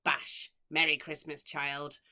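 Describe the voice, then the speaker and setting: A woman voicing an evil old woman who runs an orphanage, speaking in a loud, slow, gloating way for a storybook reading. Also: sits low, completely flat delivery, pitched below the performer's own voice, exaggerated voice. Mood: gleeful.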